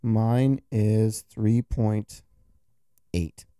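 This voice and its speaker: A man's voice: lowish voice, steady tone, extremely slow, warm tone, clean tone, dry recording, studio quality. A man chatting casually with a friend while building something, joking and poking fun at his own work. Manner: joking, self-mocking banter. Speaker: co-host. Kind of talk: casual chat while doing a craft project.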